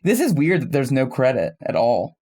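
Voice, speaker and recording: A man co-hosting a film podcast, chatting casually with animated, self-deprecating asides. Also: medium pitch, normal speed, husky. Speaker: podcast co-host.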